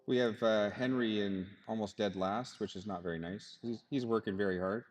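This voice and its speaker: A man's voice: fairly low pitch, moderate pace, darkish tone, faint music behind. Friendly man calling an RC race. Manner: friendly, chatty and apologetic, polite to drivers. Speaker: race director and announcer. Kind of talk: live race calling over a PA. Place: indoor RC race track in a hobby shop. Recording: long reverb in a large hall.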